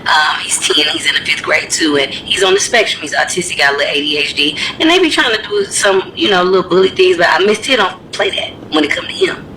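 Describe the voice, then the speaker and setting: A woman ranting to camera in a casual vlog, telling the story in an animated, blunt and profane way. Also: on the low side, fairly quick, hardly any pauses, a little hiss or hum, rough recording. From United States. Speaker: vlogger.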